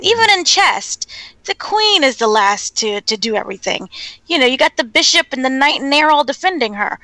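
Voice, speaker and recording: A woman's voice: sits high, sharp tone, no echo, rough recording. A woman co-hosting a podcast, firmly arguing her own opinion on an episode with analogies. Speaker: podcast co-host. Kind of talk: casual discussion.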